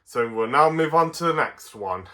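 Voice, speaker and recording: A man's voice: medium pitch, animated, normal speed, a bit bright. A man from Derbyshire with a Derbyshire English accent, chatting through a casual toy review with frequent chuckles and fillers. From Derbyshire, England.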